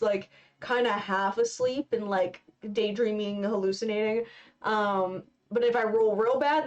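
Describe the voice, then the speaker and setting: A woman's voice: medium pitch, darkish tone. A young woman chatting casually while she draws on a live stream, rambling and filling gaps with "like" and "um". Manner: rambling, heavy on fillers. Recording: dull lo-fi stream mic.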